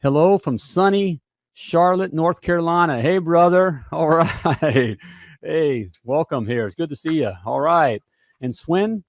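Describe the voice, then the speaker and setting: A man's voice: on the high side, unhurried, no echo. An American man hosting a live talk show from a home studio, talking in an upbeat, rambling way with lots of fillers and repeats. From United States. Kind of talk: casual live show chat.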